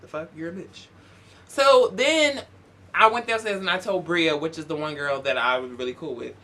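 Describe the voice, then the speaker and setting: Young man, storytime vlog, sassy, profane, bright voice, upper pitch. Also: moderate pace. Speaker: YouTuber.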